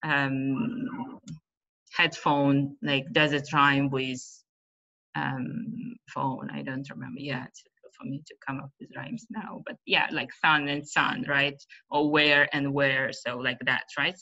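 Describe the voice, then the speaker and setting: A woman gives an online webinar on teaching. She talks slowly in a low, bright voice and often stops to search for a word. The call audio is muffled and lo-fi. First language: Uzbek. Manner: hesitant, many fillers, loses her thread. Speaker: webinar presenter, teacher trainer.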